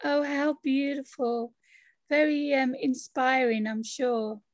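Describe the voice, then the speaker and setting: A woman's voice: high-pitched, steady tone, slow pace, no echo. A woman hosting a podcast, chatty and friendly, with plenty of filler words. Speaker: podcast host. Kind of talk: casual interview chat.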